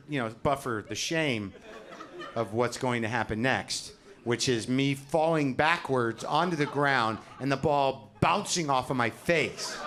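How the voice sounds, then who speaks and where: Older male stand-up comic, conversational and self-mocking, medium-pitched voice, mic on stage. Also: background noise. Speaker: stand-up comedian. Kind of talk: stand-up routine. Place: comedy stage. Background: audience laughter.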